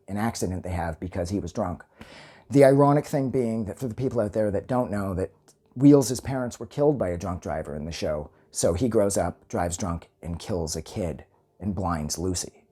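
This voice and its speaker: A man giving a casual, rambling film review. He gets excited, swears freely and goes off on tangents. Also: medium pitch.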